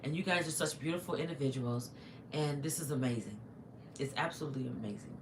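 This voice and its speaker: Rumbling low and talking fast, a middle-aged vlogger chats casually with viewers on a home livestream as she eats. The phone mic catches an echoey room with faint noise.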